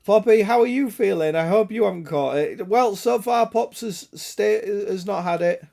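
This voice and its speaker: Male streamer, raspy sick throat, a touch high-pitched, gravelly, jokey chat with viewers. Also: normal speed, dark tone. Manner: joking, sweary banter greeting chat viewers. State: hoarse, raspy throat from illness. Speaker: game streamer. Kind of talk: casual live-stream chat.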